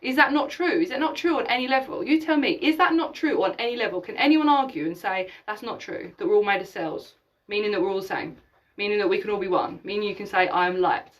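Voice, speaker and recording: A woman's voice: medium pitch, fast, recorded from a distance, poor audio. A woman hosting a live spiritual session, talking emphatically, swearing casually and acting out imagined conversations. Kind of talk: live-streamed spiritual talk.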